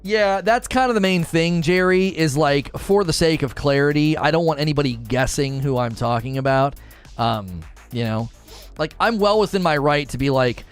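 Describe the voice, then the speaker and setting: A man's voice: on the high side, very animated, normal speed, faint music behind. Casual rambling male streamer. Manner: rambling, many fillers and restarts. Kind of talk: casual live-stream chat.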